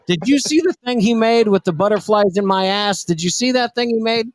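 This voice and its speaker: A man co-hosting a crude comedy podcast, profane and self-mocking, quick to protest the jokes. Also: sits high, no echo. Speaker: podcast co-host.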